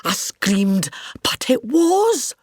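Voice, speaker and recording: A woman's voice: on the high side, big pitch swings, extremely slow, husky, no echo, studio quality, full character voice. A woman with a Scottish accent playing a vain, grandiose older actress in a scripted comic monologue, pompous and gossipy. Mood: grand.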